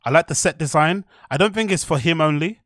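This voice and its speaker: A man with a slightly higher voice hosts a podcast, giving chatty, opinionated reactions to a clip. He is recorded on a close, dry mic with no room sound. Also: a little fast, a bit bright, no room sound. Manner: chatty, opinionated, talks straight to the viewers. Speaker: podcast host. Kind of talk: casual commentary reacting to a clip.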